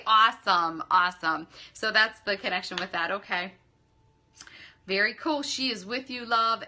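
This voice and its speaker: Bright-voiced, effusive woman medium. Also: medium pitch. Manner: effusive, calls viewers darling and love; laughs often between readings. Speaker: psychic medium. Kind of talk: live-stream reading for viewers.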